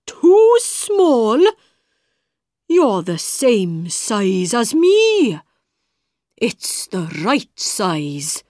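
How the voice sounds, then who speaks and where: A woman voicing a fussy, contrary male caterpillar in a storybook reading, drawing her words out slowly. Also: huge pitch swings, darkish tone, no echo, studio quality, exaggerated voice. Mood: indignant. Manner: drawn-out, slow squeaky exclamations.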